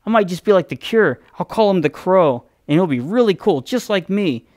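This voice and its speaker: A man's voice: sits high, animated, normal speed, no room sound, studio quality, pitched above the performer's own voice. A man voicing a wistful male comic artist who daydreams aloud about being cool. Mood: dreamy. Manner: dreamy, wishful musing.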